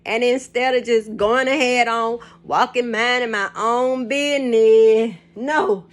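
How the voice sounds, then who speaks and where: A woman's voice: on the high side, steady tone, slow. An older woman, chatting casually to camera from her home kitchen, rambling and laughing often as she tells stories. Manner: rambling, laughs often, folksy Southern turns of phrase. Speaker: vlogger.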